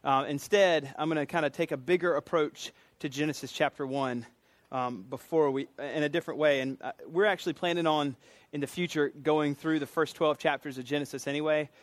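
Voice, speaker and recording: A middle-aged Southern US man preaches a relaxed, folksy sermon, sounding like he is chatting with his congregation. His voice sits a little higher than most men's. The sound is dry and close, with almost no room echo. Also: fairly quick. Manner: conversational and folksy, self-deprecating asides. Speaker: pastor teaching a doctrine class.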